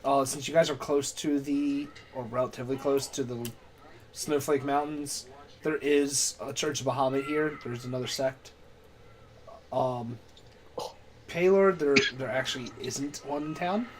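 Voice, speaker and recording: A man's voice: mid-range voice, steady tone, measured pace, slight background noise. A man running a tabletop game as game master on a live stream. He restarts his sentences often and makes self-mocking jokes.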